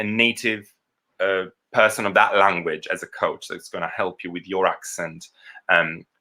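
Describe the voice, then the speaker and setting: A man's voice: on the low side, sharp tone. A man giving a live online lesson on voiceover work, explaining at length and often checking in with his listeners. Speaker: voiceover coach.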